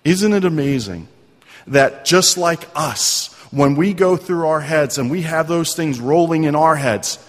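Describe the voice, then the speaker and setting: A man's voice: on the high side, measured pace. A male pastor preaching a sermon in an earnest, conversational way, often asking his listeners questions. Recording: long reverb of a hall.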